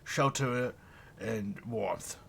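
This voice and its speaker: Guy game master, bright tense voice, kinda husky, playful, does voices. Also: on the low side, drawn-out words. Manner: playful, slips into character voices. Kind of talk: narrating a tabletop game.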